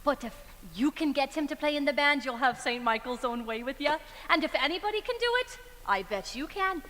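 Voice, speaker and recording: A woman's voice: high voice, lively intonation, brisk, fairly bright tone. A woman playing a chatty Irish mother. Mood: gushing. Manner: chatty, lilting brogue. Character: fussy middle-aged Irish widowed mother. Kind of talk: stage musical acting. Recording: stage with long hall reverb.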